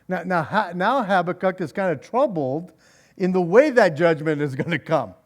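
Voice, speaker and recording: A male pastor with a high voice and lively intonation leads a conversational Bible study at a moderate pace. He reads scripture aloud, then explains it with wry sarcasm, chuckling and repeating words along the way.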